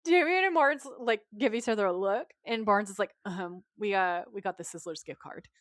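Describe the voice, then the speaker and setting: A woman co-hosts a podcast in a relaxed, chatty way, walking through an episode and reading out the characters' dialogue. Her voice sits in the middle of the female range. The sound is close and dry, with no room echo. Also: mid-range voice, moderate pace. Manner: retells scenes while quoting the characters' lines. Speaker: podcast co-host. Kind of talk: casual episode recap chat.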